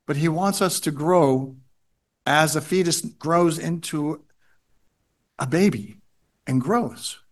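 Man preaching, slightly high voice. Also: slow, long pauses. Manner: repeats key phrases for emphasis, reads scripture aloud. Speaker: pastor. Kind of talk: sermon.

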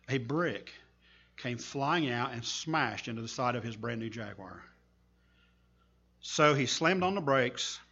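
A man preacher giving a sermon, telling a story with earnest, slow, emphatic pauses. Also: mid-range voice, sharp tone, slightly rough, lo-fi sound.

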